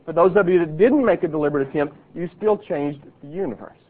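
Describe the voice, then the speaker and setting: A middle-aged man teaching a Bible class, earnest, reading lists slowly and deliberately. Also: on the high side. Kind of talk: classroom lecture. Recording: tinny lo-fi, phone-like sound.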